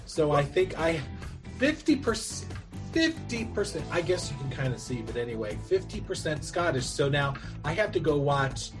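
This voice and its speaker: A man's voice: on the high side, big pitch swings, normal speed, music in the background. A man co-hosting a podcast, chatting in a rambling, self-deprecating way. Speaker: podcast co-host. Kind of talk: casual podcast chat.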